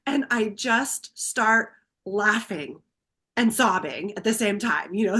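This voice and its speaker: A woman guest on a podcast, telling a personal story in a heartfelt, animated way. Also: mid-range voice, slow pace.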